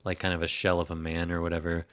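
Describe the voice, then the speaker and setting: Casting: male podcast co-host, lower voice, dry sarcastic delivery. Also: monotone, fast, fairly bright tone. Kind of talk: casual chat.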